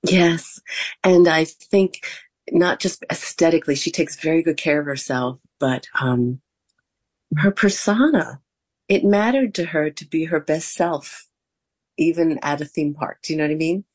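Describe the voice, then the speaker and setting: An older American woman, a guest in an interview, telling stories with lively acted-out quotes. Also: sits low, a little slow. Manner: animated anecdotes with acted-out quotes. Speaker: interview guest, former theme park performer and interviewer. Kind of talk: storytelling in a conversational interview.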